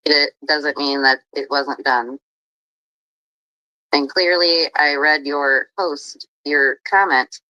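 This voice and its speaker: A woman's voice: deep voice, fairly even intonation, takes it slowly, few pauses, pushed and bright, no room sound, dull audio. A woman talking on a livestream in a defensive, rambling way. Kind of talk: casual livestream talk.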